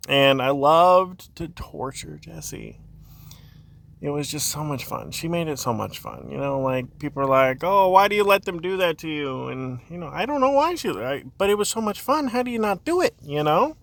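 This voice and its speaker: A man's voice: a little high, animated, moderate pace, gravelly, fairly bright tone. A man telling a funny childhood story in a casual, rambling way, laughing often and drifting off on tangents. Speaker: dad telling a family story.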